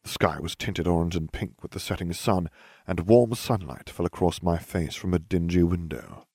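A man's voice: low voice, normal speed, a little mellow, slightly rough, no room sound, clean studio sound. A man narrating a first-person fantasy story aloud with wry storytelling. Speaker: audiobook narrator.

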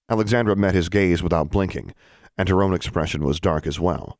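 Deep-voiced male audiobook narrator, animated pitch, dry studio sound. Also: brisk, no room sound. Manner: expressive storytelling.

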